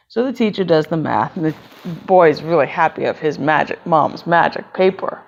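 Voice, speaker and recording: A woman storyteller narrating a children's tale in an animated way, acting out each character. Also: sits low, moderate pace, gravelly, dull audio. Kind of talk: bedtime-style storytelling.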